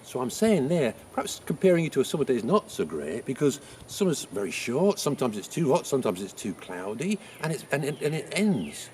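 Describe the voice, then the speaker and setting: A man playing Shakespeare, chatty and lively. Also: medium pitch, brisk, few pauses, a little hiss or hum, natural voice. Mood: friendly teaching. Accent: English. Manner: chatty, explains things with homely examples. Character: William Shakespeare, chatty old male playwright. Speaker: writing teacher. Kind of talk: in-character writing lesson.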